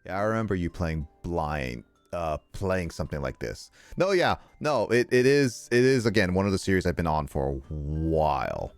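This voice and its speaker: A man's voice: deep voice, big pitch swings, moderate pace, hardly any pauses, smooth, no echo, soft background music. A man streaming a game, joking and laughing with friends in casual chat. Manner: joking, giggly, reads game text aloud. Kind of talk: casual livestream chat while playing.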